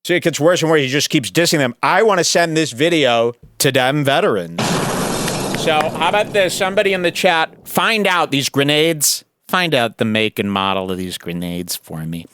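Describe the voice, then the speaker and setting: A man's voice: a little high, lively intonation, moderate pace, fairly bright tone, a little hiss or hum. A man hosting a podcast, giving sarcastic, rambling, jokey commentary on a video clip. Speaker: podcast host.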